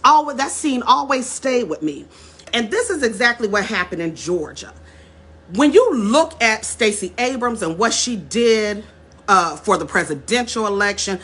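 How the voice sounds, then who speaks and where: A woman vlogging in a chatty, direct way, calling her viewers y'all and circling back over her words. Her voice is bright with a husky edge. She builds her points with emphasis. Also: fairly high pitch. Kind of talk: casual direct-to-camera storytelling.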